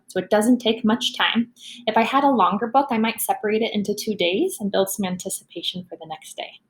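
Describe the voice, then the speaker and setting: A woman teacher explaining how to run a read-aloud, then reading a silly picture-free book to children with playful, animated delivery. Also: mid-range voice. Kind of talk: instructional talk and expressive read-aloud.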